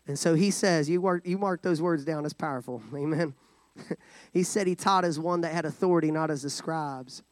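A man's voice: fairly high pitch, normal speed, dry recording. A man preaching a sermon in a folksy, joking way, calling for responses from the congregation. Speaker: guest preacher.

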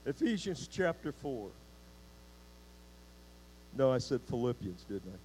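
A man's voice: mid-range voice, big pitch swings, unhurried, a little mellow, a little hiss or hum, low-quality recording. A man preaching a sermon in church, restarting words and putting questions to the congregation. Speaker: pastor.

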